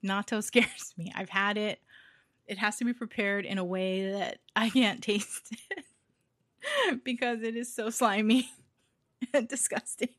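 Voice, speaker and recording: A woman's voice: mid-range voice, takes it slowly, long pauses, a bit bright, dry recording, clean studio sound. A woman from Hawaii co-hosting a casual chat, talking freely with fillers and frequent laughter. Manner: chatty, laughs often, trails off with fillers. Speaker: podcast co-host.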